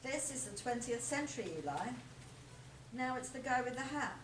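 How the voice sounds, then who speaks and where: A woman's voice: high voice, normal speed, natural voice. Lady reading as a grumpy suburban guy, plain read-aloud, noisy distant recording. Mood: scornful. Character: irritated suburban man, blunt and prejudiced. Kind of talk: volunteer reading a part aloud. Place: lecture room with an audience. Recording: echoey room, distant mic, noise.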